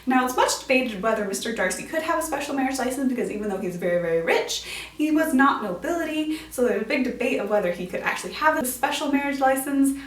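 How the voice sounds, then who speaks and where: A woman's voice: sits high, animated, fast talker, far from the mic. A woman hosting an educational show about classic literature, talking in a bubbly, playful way with casual slang. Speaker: host of a literature explainer show. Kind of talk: upbeat educational vlog talk. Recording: roomy sound, voice off-mic.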